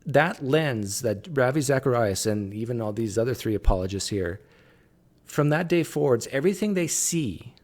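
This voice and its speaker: A man's voice: mid-range voice, darkish tone. A man commentating casually on a clip, thinking aloud with frequent fillers and restarts. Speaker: video commentator.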